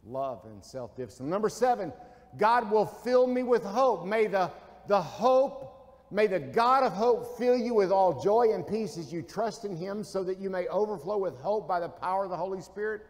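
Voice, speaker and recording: A man's voice: high-pitched, lively intonation, normal speed, big-room sound. A man preaching a folksy sermon in a church, asking his listeners questions and answering them himself. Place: church sanctuary.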